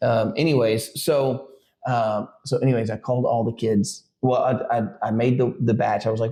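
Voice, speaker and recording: A man's voice: mid-range voice, steady tone, brisk, mellow. A middle-aged man, a podcast co-host and father, telling a family story in casual chat, rambling with lots of fillers and restarts. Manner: rambling, full of likes and restarts.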